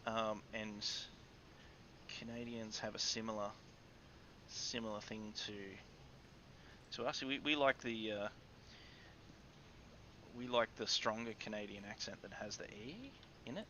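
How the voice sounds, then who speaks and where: A man's voice: on the low side, measured pace, long pauses, sharp tone, muffled recording, slight background noise. A man with an Australian accent, co-hosting a casual livestream and rambling with frequent restarts. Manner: rambling, restarts often, chuckles between thoughts. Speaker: co-host. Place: studio.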